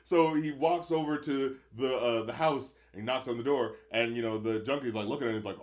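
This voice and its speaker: A man's voice: mid-range voice, brisk, hardly any pauses. A man in casual podcast chat, animatedly retelling a film's plot with profanity and laughter. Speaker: podcast co-host. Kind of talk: casual movie review chat.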